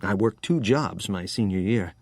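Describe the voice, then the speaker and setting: Narrator as a tired New York wine man in his forties, frank and wry, low and unadorned. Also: expressive, moderate pace, darkish tone, dry recording. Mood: weary. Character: weary mid-forties American wine trader.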